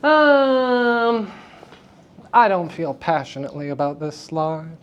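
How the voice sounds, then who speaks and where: Animated man teaching a room of students. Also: sits high, slow, highs cut off, very noisy. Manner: animated, playful, leads call-and-response drills. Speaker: acting teacher. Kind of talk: lecture to a student audience. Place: school theater festival workshop room.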